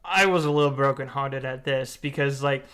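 A man's voice: mid-range voice, moderate pace, fairly bright tone, clear, resonant tone. A man talking casually about an anime, emotive and rambling with many fillers. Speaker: co-host. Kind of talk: casual anime review chat.

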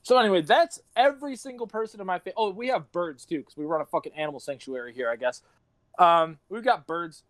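A man's voice: high-pitched, animated, a little fast, fairly bright tone, dry recording. A young man telling rambling stories on a casual podcast, swearing often and laughing between lines. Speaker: podcast host.

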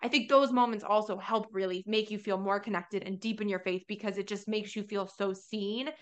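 A woman's voice: mid-range voice, steady tone, a little fast. A woman hosting a faith podcast, chatting in a rambling, casual way full of "like". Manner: chatty, rambling, heavy use of "like". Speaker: podcast host.

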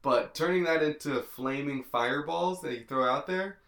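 Laid-back podcast host in an echoey room. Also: male voice, fairly high pitch, normal speed, fairly bright tone. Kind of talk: casual podcast chat.

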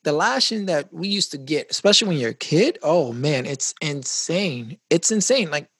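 A man's voice: on the high side, expressive, moderate pace, a bit bright, breathy edge, dry recording. A man hosting a casual conversation, talking in a chatty, reflective way with frequent restarts.

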